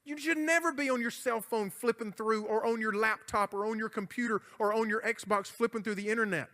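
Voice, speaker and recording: High-voiced emphatic youth pastor preaching. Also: male voice, a little fast, bright, forceful tone. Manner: emphatic, conversational preaching with jokes. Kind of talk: sermon. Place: church hall. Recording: church hall reverb.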